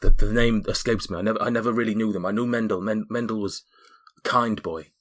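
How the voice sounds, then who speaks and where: A man's voice: fairly low pitch, fairly even intonation, quick pace, a bit bright. A man voicing a grateful, earnest male dwarf who stammers and repeats his words. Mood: shaken.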